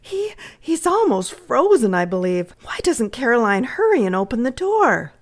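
A woman's voice: on the high side, big pitch swings, moderate pace, pitched above the performer's own voice. A woman voicing a kind young girl in a read-aloud story, pitying and anxious. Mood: concerned.

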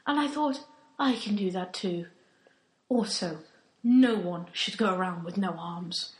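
A woman's voice: fairly low pitch, a little slow, roomy sound, natural voice. A young woman playing a naive, earnest, posh volunteer in a comedy sketch. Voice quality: earnest, gushing.

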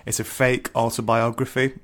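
A man's voice: mid-range voice, level tone, moderate pace. A young man co-hosting a casual podcast chat about a book, laughing often and hesitating with fillers. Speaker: podcast co-host.

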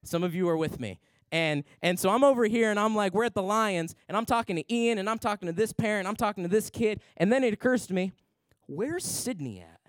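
In a large church worship center, a young male pastor preaches a sermon full of stories, animatedly acting out the voices in them. His voice is high and fast, with no room sound.

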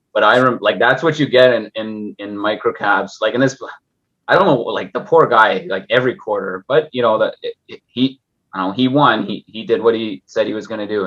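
A man's voice: on the low side, fairly bright tone, highs cut off. A man talking as a guest on a casual investing podcast, rambling and restarting with many fillers.

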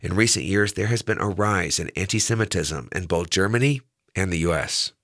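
A male news anchor reading a scripted introduction in a formal, even way. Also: low voice, normal speed, no room sound, studio quality.

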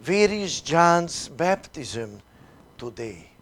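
A man, a priest leading a retreat, reading a sermon slowly and deliberately with long pauses and dramatic swings between loud and soft. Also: a little high, big pitch swings.

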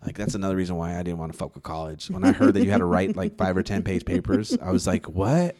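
A young man from California talks quickly in a lowish voice. He rambles in casual chat, swears often, and piles up fillers and restarts. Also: warm tone.

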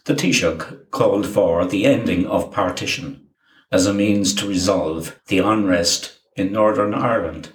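A man reading a scripted historical narration in a measured, even manner, as a documentary narrator. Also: deep voice. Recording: roomy echo.

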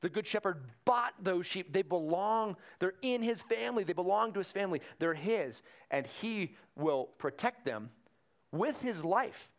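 A man's voice: high-pitched, lively intonation, moderate pace, hardly any pauses. A man preaching a sermon in a conversational way, retelling Bible stories with energy. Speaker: pastor.

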